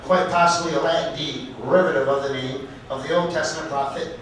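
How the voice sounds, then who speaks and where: A man at an open mic night in a comedy club, telling a story in a halting, deliberate way and correcting himself as he goes. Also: a little high, fairly even intonation, a bit bright, slight background noise. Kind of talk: storytelling stand-up set. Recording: echoey club recorded from far off.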